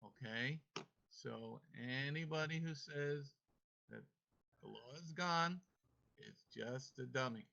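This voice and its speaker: Bright, emphatic man teaching over video call. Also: mid-range voice, slow, gravelly. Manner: emphatic, playful, coaxing students. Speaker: teacher leading a devotional class. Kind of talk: online class devotional and Torah reading. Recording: muffled video-call audio.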